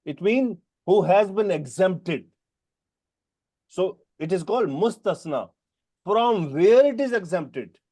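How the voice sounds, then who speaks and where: Here a high-pitched, expressive and mellow male voice leads a Quran grammar class in non-native English. The teacher questions students by name and walks through terms slowly.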